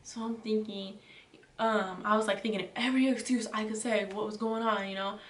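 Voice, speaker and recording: A woman's voice: mid-range voice, steady tone, brisk, far from the mic. Chatty young woman in an echoey room. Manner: chatty, filler-heavy retelling with lots of "like" and "you know". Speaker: vlogger. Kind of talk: casual storytime. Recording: roomy echo, voice away from the mic.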